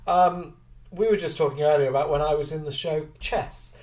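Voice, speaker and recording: A man's voice: on the high side, far from the mic. Chatty man, slightly off-mic. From Liverpool. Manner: chatty, animated, quick to laugh. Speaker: co-host of a live chat show. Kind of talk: casual chat reading viewer comments.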